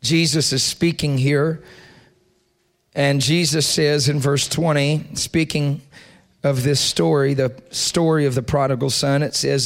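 Young man, preacher, fairly high voice, call-and-response sermon in a church. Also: steady tone, unhurried. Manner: call-and-response preaching, rising to shouted prayer. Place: church sanctuary.

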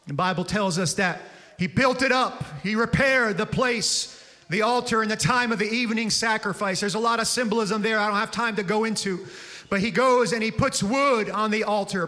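Bright-voiced man preaching with fire. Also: high voice. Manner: storytelling, building to shouted exhortation. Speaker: pastor. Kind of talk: sermon.

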